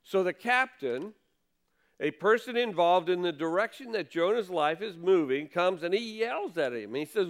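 A male pastor delivers a sermon in a smooth, clear voice, pitched a little high. He preaches earnestly, lifting his voice for quoted questions and sinking low for quieter asides. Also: expressive, moderate pace.

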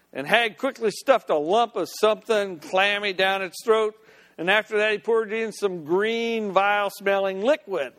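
A man with a high voice narrates a story in an unhurried, folksy manner. He drops in "well" asides and restarts lines. His voice carries a long hall reverb. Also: fairly bright tone.

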